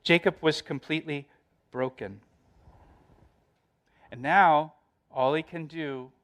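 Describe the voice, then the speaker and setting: A man's voice: fairly high pitch, slow pace, pauses often, a bit bright. A middle-aged male pastor preaching a sermon, repeating phrases for emphasis and raising his voice in quoted lines.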